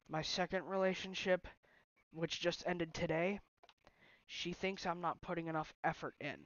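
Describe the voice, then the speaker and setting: A young man vents in a personal vlog, frustrated and halting, stumbling through restarts. The recording is dull and lo-fi. The room around him sounds close and dry. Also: a little high, fairly bright tone, no echo. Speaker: vlogger. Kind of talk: emotional personal vlog rant. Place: bedroom at home.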